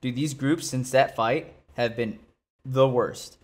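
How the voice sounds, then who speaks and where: A young man co-hosting a podcast in an easygoing, slightly sleepy chat. His voice sits at an ordinary pitch for a man. He drops swear words without any fuss. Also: slow, a little mellow. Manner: laid-back, swears freely, sleepy. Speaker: podcast co-host. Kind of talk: casual chat.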